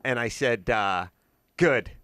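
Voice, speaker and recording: A man's voice: mid-range voice, takes it slowly, fairly bright tone, smooth. A middle-aged man with a Southern Californian accent, hosting a podcast and telling comic stories in casual chat, acting out both sides of each conversation. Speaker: podcast host. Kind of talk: casual comedic storytelling. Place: podcast studio.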